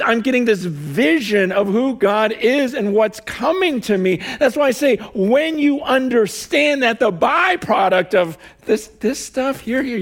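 A male guest preacher with a high voice who talks in a loose, conversational way, full of "like" and quick laughs. He builds into near-shouts, then drops low and soft for emphasis. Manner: animated and conversational, with fillers and laughs. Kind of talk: sermon.

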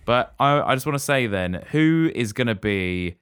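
A man's voice: mid-range voice, animated, normal speed, fairly bright tone, clean tone, no room sound, clean studio sound. A man co-hosting a comedy podcast, speculating playfully and theatrically. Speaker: podcast co-host.

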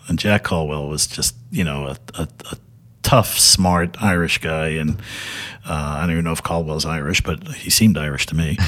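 An older man, a television director, telling stories as a guest in a loose, rambling way with many fillers. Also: low voice. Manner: rambling, many fillers and restarts, laughs often. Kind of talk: casual anecdote telling.

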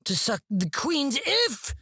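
A man's voice: very high-pitched, wildly swooping pitch, slow, bright, forceful tone, no echo, clean studio sound, pitched above the performer's own voice, heavily acted. A man doing a wounded, whiny older actor. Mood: earnest. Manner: plaintive, theatrical, wounded pride. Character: impression of a whiny, self-pitying older male actor.

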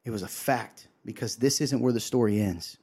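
A man's voice: fairly low pitch, moderate pace, dark tone, husky. A man co-hosting a show, giving an emotional sermon-style talk, earnestly acting out quotes and often asking "right?". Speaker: co-host sharing a devotional.

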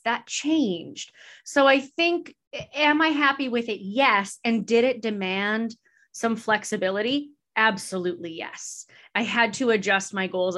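A woman's voice: a little high, fairly bright tone. A woman podcast host answering interview questions in a candid, reflective way, laughing easily. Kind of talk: casual conversational interview.

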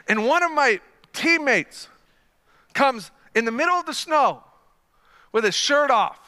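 Energetic young man preaching in a reverberant hall. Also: unhurried, clear, resonant tone. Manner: energetic storytelling, swings from low asides to loud excited bursts. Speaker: pastor. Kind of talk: sermon.

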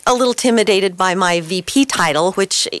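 A woman's voice: medium pitch, brisk, fairly bright tone, a little hiss or hum. A woman guest in a radio studio, telling her personal story with passion and emotion.

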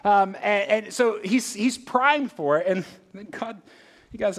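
A man's voice: high-pitched, unhurried, a bit bright. A middle-aged man preaching a sermon in a conversational way, full of asides and rhetorical questions. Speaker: pastor.

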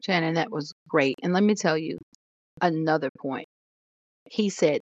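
A woman co-hosting a podcast in casual chat, emphatic and quick to agree. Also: low voice, dry recording, muffled recording. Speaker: podcast co-host.

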